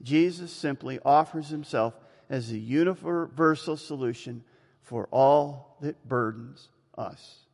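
A man preaching a sermon and telling a story with lively, animated delivery. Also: takes it slowly, long reverb tail. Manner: animated storytelling, jumps in pitch. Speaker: pastor.

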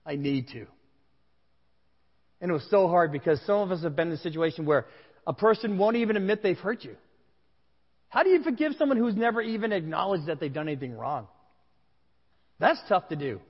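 A higher-voiced male pastor preaching in a reverberant hall. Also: expressive, brisk, husky. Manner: candid personal storytelling, conversational. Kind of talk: sermon. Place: large room with a congregation. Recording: dull sound with long hall reverb.

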